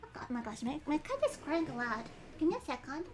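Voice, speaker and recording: A woman's voice: high-pitched, very animated, quick pace. A woman streamer chatting casually and giggling while she reads a game aloud between bites of dinner. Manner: chatty and giggly, eating and talking with food breaks.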